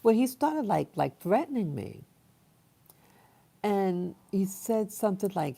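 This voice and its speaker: Slow, gravelly low-voiced woman rambling. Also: lively intonation, dark tone. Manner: halting, many fillers and restarts. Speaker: vlogger. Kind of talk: rambling personal storytelling.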